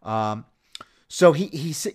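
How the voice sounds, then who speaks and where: Male podcast host, slightly high voice, loose chatty delivery with lots of restarts. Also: expressive, takes it slowly, darkish tone. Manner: rambling, many restarts and fillers. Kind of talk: casual solo sports podcast.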